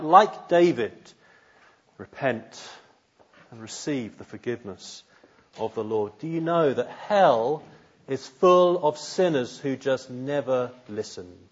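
Slow, husky-voiced male preacher. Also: medium pitch, lively intonation, highs cut off. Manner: slow, earnest, searching questions to listeners. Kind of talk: sermon.

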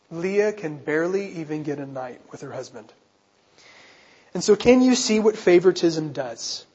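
A man's voice: sits high, a little mellow, breathy edge. A man preaching a sermon as pastor, earnest and driving his points home with rhetorical questions, in a church. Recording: reverberant hall, muffled sound.

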